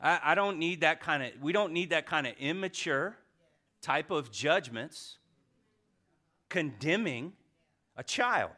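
A middle-aged man preaches to his congregation with a bright, ringing tone. He asks them questions and waits for answers, moving from loud emphasis to near-hushed asides. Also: on the high side, lively intonation, unhurried, pauses often. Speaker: pastor. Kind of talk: sermon.

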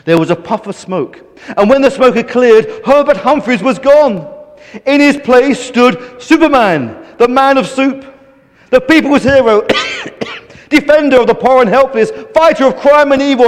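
A man reading a children's story aloud with animated, playful emphasis. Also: extremely high pitch, normal speed, in a large hall.

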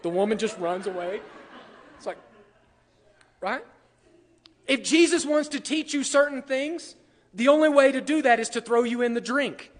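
A man's voice: very high voice, lively intonation, normal speed, pauses often, in a large hall. A man preaching a sermon in a conversational way, often asking the congregation questions. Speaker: pastor.

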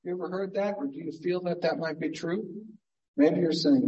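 A man's voice: on the high side, lively intonation, normal speed, mellow, lo-fi sound. A man, a pastor, preaching an earnest, conversational sermon full of rhetorical questions in a church sanctuary. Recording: echoey church hall from far off.

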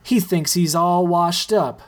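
A reader voicing Rome, a woman coach giving an emphatic pep talk to male dancers, slow and unhurried. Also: lowish voice, a little mellow, pitched above the performer's own voice. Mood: rousing.

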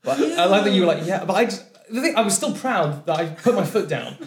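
A man with a British accent telling a comedic true story, animated, restarting sentences and laughing through his lines. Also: sits high, quick pace. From France. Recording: roomy echo.

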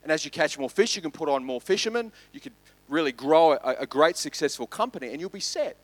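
A man's voice: fairly high pitch, lively intonation, fast, no echo. A man doing a pushy Aussie businessman. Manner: pushy, insistent. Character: pushy successful male businessman.

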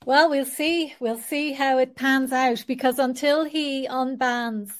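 Woman interviewing, a bit high-voiced. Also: steady tone, slow pace. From Ireland. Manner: hesitant, fills with um and you know. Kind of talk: conversational interview.

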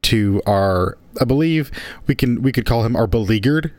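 A man's voice: mid-range voice, lively intonation, moderate pace, a little mellow, dry recording. A man co-hosting a podcast in casual chat, wry and teasing with his partner. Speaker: podcast co-host.

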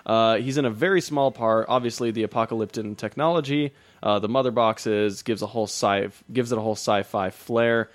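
A man's voice: on the low side, brisk, hardly any pauses, dry recording. A man co-hosting a casual podcast, joking around and reading news items aloud. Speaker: podcast co-host. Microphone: podcast mic.

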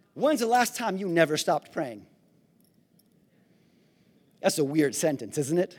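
A male pastor preaching a sermon to his congregation, swinging between shouted praise and easy conversational asides. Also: a little high, sing-song, unhurried, long pauses, breathy edge. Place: church sanctuary. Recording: long hall reverb.

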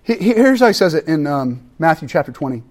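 A man preaches with lots of movement in his voice, climbing high for emphasis and then sinking low and quiet. His delivery is casual and talky, like he is chatting with the congregation. He sits a little above the usual pitch for a man. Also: quick pace. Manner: animated, conversational preaching with big swings from loud to hushed. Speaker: pastor. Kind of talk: sermon.

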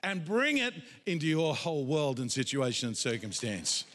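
Animated pastor, high voice. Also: male voice, normal speed, noisy background. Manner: animated, dramatic, acts out voices of doubters. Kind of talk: sermon. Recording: echoey hall, long reverb.

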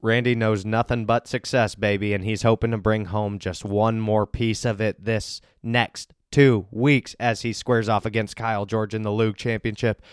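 A man's voice: on the low side, flat delivery, normal speed, hardly any pauses, clear, resonant tone, no echo, clean studio sound. A man hosting a casual podcast, joking and teasing his guests and laughing often. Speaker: podcast host and league commissioner.

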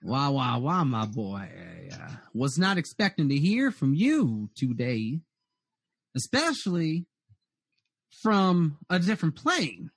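A man's voice: a little high, very animated, takes it slowly, gravelly, slightly rough, no echo, clean studio sound, heavily acted. A man voicing a greedy male devil lord who is smug and overly familiar, speaking in a drawl. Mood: mock surprise.

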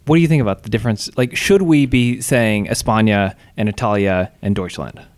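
A man's voice: lowish voice, fairly quick. An American man co-hosting a casual chat, thinking aloud with fillers and musing over questions. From United States. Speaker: podcast co-host.

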